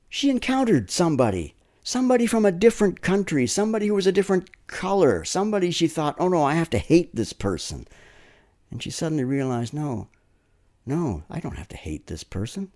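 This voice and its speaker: A man's voice: medium pitch, warm tone. A man preaching a sermon, telling stories conversationally and checking in with "right?" tag questions.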